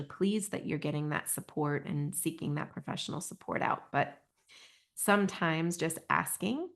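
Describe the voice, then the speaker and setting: A middle-aged woman hosting a podcast, talking in a gentle, earnest way with frequent restarts. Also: deep voice. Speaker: podcast host, intuition teacher. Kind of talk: podcast talk.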